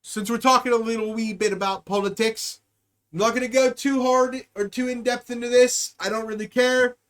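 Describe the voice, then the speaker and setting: A young-adult podcast host rants on a live stream, heavy with profanity and sarcasm. The voice sits mid-range in pitch and jumps between loud bursts and low mutters. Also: steady tone, normal speed, smooth. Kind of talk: ranting satirical commentary on a live stream.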